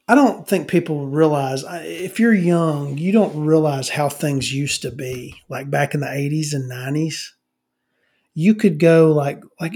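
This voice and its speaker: A man's voice: a little high, a little mellow, husky. A middle-aged man on a comedy podcast, ranting and rambling with constant swearing and many restarts.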